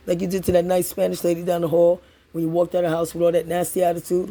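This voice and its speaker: Man, husky dark tone, angry repetitive accusing rant. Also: on the high side. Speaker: tenant confronting building super.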